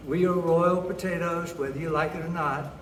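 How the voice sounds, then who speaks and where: Guy putting on a snooty potato queen mom, low and firm, roomy echo from far off. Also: fairly even intonation, moderate pace, a bit bright, a little hiss or hum, natural voice. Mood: condescending. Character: haughty royal potato mother, firm. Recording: echoey hall from far off.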